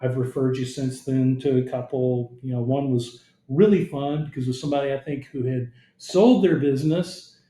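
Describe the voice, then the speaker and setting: With a medium-pitched, steady and mellow voice at a moderate pace, a podcast host reads his guest's background and chats in a friendly manner. It's a casual interview recorded in a space with roomy echo.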